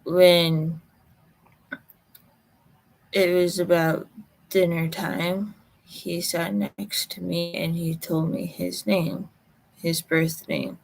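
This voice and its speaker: Slow, gravelly-voiced woman telling a tearful story. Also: on the low side, level tone. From Colorado. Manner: slow, halting, emotional recollection. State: close to tears. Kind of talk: personal storytelling.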